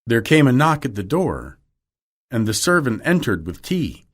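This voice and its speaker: A male narrator reads a classic novel aloud for English learners. His delivery is clear and deliberate, slow and steady. His pitch moves in an expressive, lively way. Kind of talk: audiobook reading for English learners.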